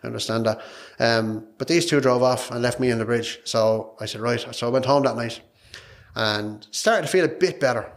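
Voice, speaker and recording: A man's voice: mid-range voice, normal speed. An Irish man, a podcast guest, telling a personal story in a frank, emotional, rambling way, repeating his words. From Ireland.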